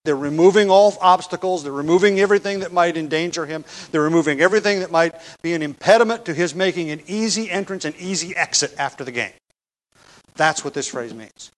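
A man's voice: fairly high pitch, fairly quick. A man teaching a Bible passage in a conversational sermon, with restarts and rhetorical questions. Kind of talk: expository sermon.

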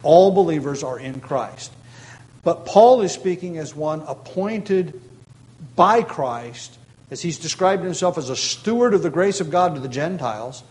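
A male pastor teaches through a scripture passage in a steady, explanatory sermon. His voice sits a bit higher than most men's, and he lifts it to stress key points while filling pauses with small hesitations. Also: low-quality recording. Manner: measured teaching with emphatic rises and frequent fillers. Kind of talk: expository sermon.

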